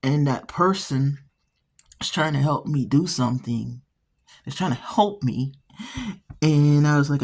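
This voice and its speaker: A woman's voice: low-pitched, unhurried, pauses often, a little mellow. Chatty woman telling stories with restarts. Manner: rambling storyteller with frequent restarts. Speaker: art channel host. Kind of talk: casual encouraging talk while painting.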